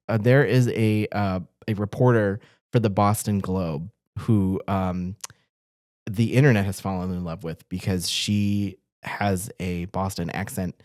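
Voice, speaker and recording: A man's voice: lowish voice, darkish tone, no echo, studio quality. Joking man co-hosting a news rundown. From Massachusetts. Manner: joking, laughs often, many fillers. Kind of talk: casual news rundown chat.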